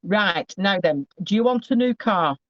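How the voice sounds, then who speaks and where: A man gives a psychic reading in a fairly high, chatty voice. He often trips and restarts mid-phrase as he relays messages. The recording is dry and slightly muffled. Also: animated, measured pace, no room sound. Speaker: psychic medium. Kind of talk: live spirit reading to a sitter.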